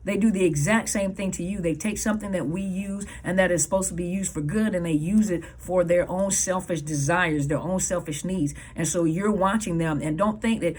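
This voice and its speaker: Husky, earnest woman giving advice. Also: lowish voice, fairly quick, hardly any pauses, darkish tone. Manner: earnest, emphatic, repeats key points. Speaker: counselor and coach. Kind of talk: advice talk to viewers.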